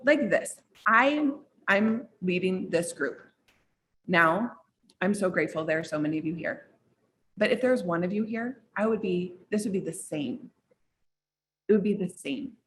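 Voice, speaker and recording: A woman business coach tells a group a personal story, animated and peppered with "like," her pitch leaping up sharply.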